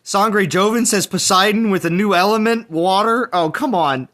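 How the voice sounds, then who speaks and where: Male host, fairly high, bright voice, animated casual chat, reads chat aloud. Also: moderate pace, few pauses. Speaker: streamer host reading chat. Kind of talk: casual gaming roundtable chat.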